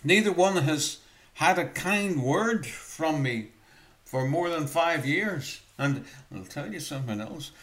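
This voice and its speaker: A man's voice: fairly high pitch, expressive, takes it slowly, a bit bright, voice pushed up. A man voicing a guilt-ridden middle-aged saloon owner who confesses his wrongs and pleads to be forgiven. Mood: anguished. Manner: pleading, anguished questions.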